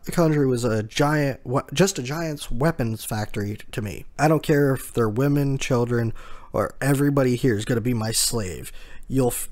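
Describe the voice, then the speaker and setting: A man reading out the lines of a ruthless giant pirate warlord in a flat, barely altered voice. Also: mid-range voice, close to an everyday voice. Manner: flat read-aloud delivery of a threatening speech.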